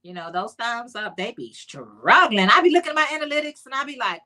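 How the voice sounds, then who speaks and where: Woman, livestream host, casual chat, bright tone, playful asides to viewers. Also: a little high, very animated, brisk. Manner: chatty, playful, talks straight to viewers; sassy, teasing asides.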